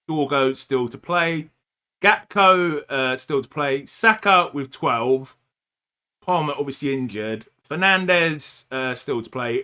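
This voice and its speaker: A middle-aged man from the United Kingdom co-hosting a podcast stream, chatting in an animated, jokey way and often talking over his co-host. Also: on the high side. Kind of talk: casual chat on a live stream.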